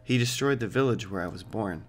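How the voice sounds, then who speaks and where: A man's voice: fairly low pitch, a little fast, soft background music, lightly acted. A man voicing a brooding male warrior bent on revenge, reading game text in a plain voice. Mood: grim. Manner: reads game dialogue in a plain voice.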